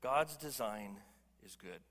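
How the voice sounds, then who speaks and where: Emphatic pastor in a reverberant hall. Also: male voice, mid-range voice, expressive, slow, fairly bright tone. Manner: emphatic, conversational, jokes with the congregation. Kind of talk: sermon. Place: church hall.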